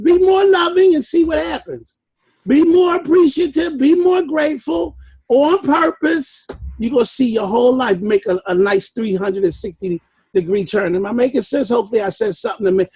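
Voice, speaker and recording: A man leading a personal development class, giving an emphatic motivational talk with bursts of shouting. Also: extremely high pitch, normal speed, slightly rough, no echo, poor audio.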